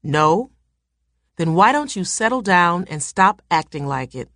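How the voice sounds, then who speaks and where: A woman voicing a quiet, blunt young man. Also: fairly low pitch, animated, measured pace, no echo, studio quality. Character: calm, provoking young man.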